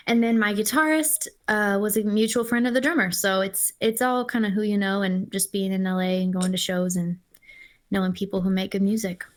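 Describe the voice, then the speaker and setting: A woman's voice: medium pitch, fairly even intonation, brisk. A woman guest musician chatting casually in an interview, telling stories with enthusiasm. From Los Angeles-based. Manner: talks with her mouth full. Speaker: singer-songwriter guest.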